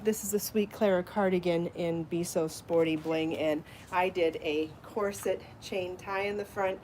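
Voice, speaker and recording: A woman hosting a live crafting show, chatty and enthusiastic, out of breath from rushing around and trying on garments. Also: lowish voice, a little mellow, a little hiss or hum. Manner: chatty and enthusiastic, laughs at herself. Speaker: podcast host showing her yarn designs. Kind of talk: casual live show chat.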